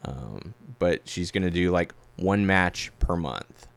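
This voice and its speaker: Podcast co-host, male, low-pitched, easygoing talk, dry recording. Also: slow pace, gravelly, dry recording. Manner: relaxed, filler-heavy, reads articles aloud. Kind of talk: casual chat about wrestling news.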